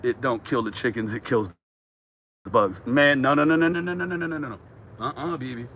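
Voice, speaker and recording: A man chatting casually with viewers on a livestream, animated and joking, swearing and laughing often. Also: medium pitch, fairly quick, a little hiss or hum. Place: outdoors in a backyard.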